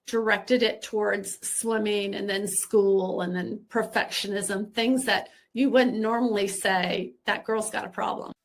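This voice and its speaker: A woman speaking candidly and reflectively as a podcast guest. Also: a little high.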